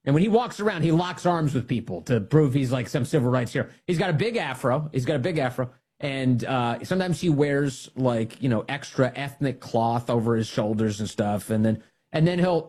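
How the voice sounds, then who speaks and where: A man's voice: mid-range voice, a little mellow, husky. A man hosting a radio talk show, giving scornful, mocking political commentary and laughing at his targets.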